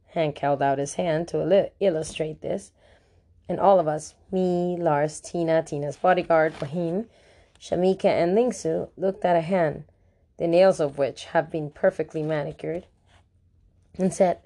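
A woman narrating an audiobook in the first person, with wry, lively storytelling. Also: on the low side, moderate pace.

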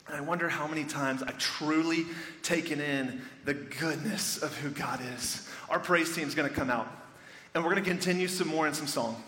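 A man preaching a sermon as pastor, telling the story with animated excitement, in a church sanctuary. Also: mid-range voice. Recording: echoey church hall with reverb, faint ambience.

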